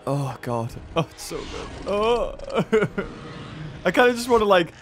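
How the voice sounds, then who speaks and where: A man's voice: sits high, sing-song, a little slow, music in the background. A man from England, hosting casual let's-play commentary, rambling and chatty with lots of fillers and restarts. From northern England. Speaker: gaming video host.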